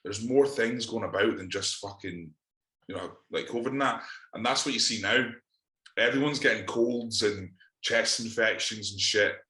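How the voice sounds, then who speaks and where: Deep, bright-toned Scottish man in a roomy space. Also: normal speed. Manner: sweary, exasperated, rambling. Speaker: podcast co-host. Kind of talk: casual chat.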